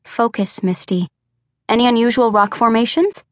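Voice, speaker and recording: A woman reading an audiobook, voicing a calm young midwife in her twenties who speaks in a firm, level, practical way. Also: a little high, normal speed, no echo, clean studio sound, lightly acted. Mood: steady. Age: 20s. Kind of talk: audiobook character voice.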